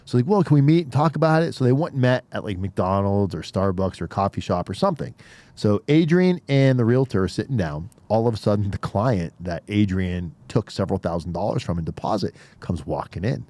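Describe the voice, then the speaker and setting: A man's voice: fairly low pitch, expressive, fairly quick, mellow. A man hosting an interview, talking in a blunt, heated way and swearing often. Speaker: podcast host. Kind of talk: casual interview talk.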